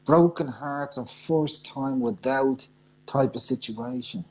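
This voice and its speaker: A woman's voice: rumbling low, slow pace, darkish tone, a little hiss or hum, rough recording. A woman hosting a chat show, talking casually with enthusiastic, effusive praise. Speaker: host.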